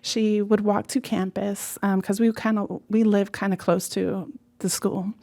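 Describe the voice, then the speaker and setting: A woman from California, being interviewed in a studio, recounting her childhood with lively quoted voices. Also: mid-range voice, measured pace. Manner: animated, lively quoting of family voices. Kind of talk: conversational interview storytelling. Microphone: studio microphone.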